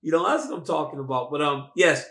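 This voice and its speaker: A man's voice: a little high, quick pace, a bit bright. A man co-hosting a fight talk show over a video call from a hotel, teasing and joking in a loose, repetitive way. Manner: playful, teasing, repeats himself, laughs often. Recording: echoey room.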